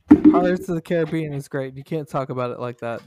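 Joking man with a higher voice. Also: heavy background noise. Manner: joking, teasing interjections. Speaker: podcast co-host. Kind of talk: casual chat.

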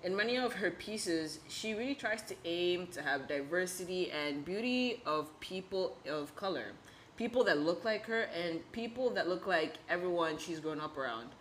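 A woman's voice: on the low side, expressive, moderate pace, slight background noise. A young adult woman hosting her podcast in a casual, upbeat way, full of "like" and "you know". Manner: chatty, upbeat, heavy use of "like" and "you know". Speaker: podcast host. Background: background music.

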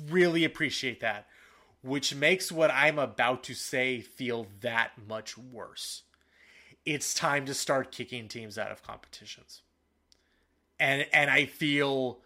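A man co-hosting a soccer podcast in casual talk, animated and fired up, with frequent fillers and restarts. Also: mid-range voice. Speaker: podcast co-host.

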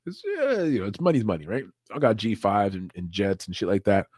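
A man's voice: lowish voice, very animated, a little fast, darkish tone, breathy edge, no room sound, studio quality. A man hosting a casual livestream podcast, talking loosely with swearing and frequent laughs. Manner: loose, profane, laughs often. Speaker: podcast host.

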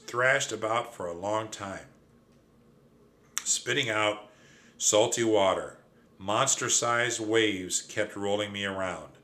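A man reading a children's adventure story aloud in first person, with lively, dramatic telling. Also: lowish voice. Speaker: audiobook narrator. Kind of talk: storybook narration.

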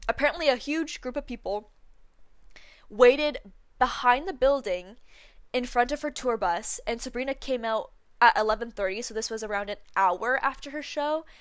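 A woman's voice: fairly high pitch, moderate pace, no echo. A young woman hosting a podcast, telling a story in a chatty casual way with lots of fillers. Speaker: podcast host. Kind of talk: casual chat.

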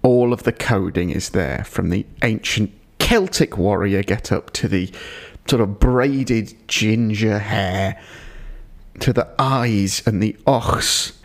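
A man's voice: on the low side, slow. A man hosting a podcast, giving a digressive episode review with dry, wry asides. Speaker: podcast host.

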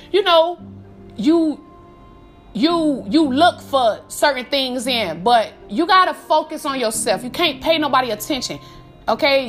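A woman hosting a podcast, giving casual, profane, animated motivational advice with frequent laughs, calling the listener baby. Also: sits high. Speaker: podcast host.

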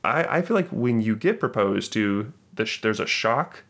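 A man's voice: fairly low pitch, expressive, normal speed, fairly bright tone. A man co-hosting a casual movie podcast, playfully teasing and retelling scenes in detail. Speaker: podcast co-host.

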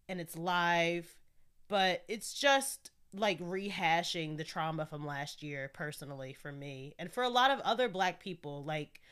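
A woman's voice: mid-range voice, fairly bright tone, clear, resonant tone. A young woman hosting her own podcast in a casual, candid solo chat, talking freely and laughing often. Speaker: podcast host.

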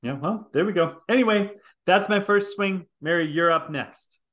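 A man's voice: sits high, moderate pace, fairly bright tone. A man co-hosting a podcast, trading playful, joking banter about a TV show. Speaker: podcast co-host. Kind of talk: casual chat about a TV show.

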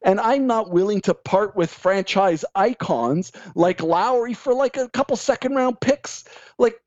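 A man's voice: high voice, unhurried, a little mellow, dry recording. A man in casual podcast chat, ranting emphatically and mocking others' opinions in quoted voices. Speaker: podcast guest. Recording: dull, lo-fi sound.

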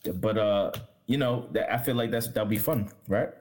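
Rambling low-voiced sports podcast man. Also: normal speed, a little mellow. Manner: rambling, many fillers and restarts; jokey, laughs often. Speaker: podcast host. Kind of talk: casual sports chat.

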